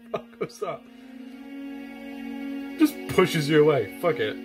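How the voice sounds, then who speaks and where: Man, gaming commentary, mocking, swearing, animated pitch, faint music behind. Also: extremely slow. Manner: swears constantly, laughs a lot, mocking. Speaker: gaming video host. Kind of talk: gameplay commentary.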